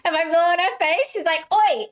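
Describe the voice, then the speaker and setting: A woman's voice: very high voice, fairly even intonation, fast talker, a bit bright. A young woman, chatting casually with her live-stream chat, giggly and full of fillers.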